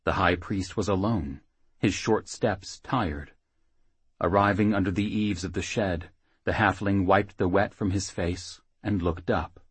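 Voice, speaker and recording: A man narrates a fantasy audiobook in a steady, even read. His voice is very low and husky. The sound is close and dry, with no room at all. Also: measured pace, no echo.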